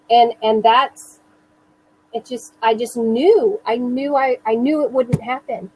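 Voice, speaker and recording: Woman, thirties, mother giving an interview, earnest, halting, unhurried, fairly high voice. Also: fairly even intonation, a little mellow, slightly rough, poor audio. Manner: slow, earnest, self-reassuring, halting restarts. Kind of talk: personal testimony in an interview.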